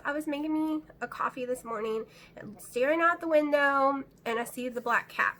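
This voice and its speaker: Middle-aged woman talking to camera from home, fairly high and very bright voice, anxious and rambling. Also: moderate pace. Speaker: vlogger. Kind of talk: casual chat to camera. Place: at home, indoors.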